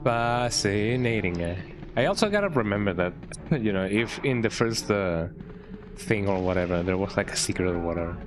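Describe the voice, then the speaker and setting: A man's voice: fairly low pitch, moderate pace. A man streaming a video game, chatting casually and rambling, often ending phrases with a questioning "eh?". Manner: relaxed, rambling, tags phrases with "eh?". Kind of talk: casual gameplay commentary. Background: game music.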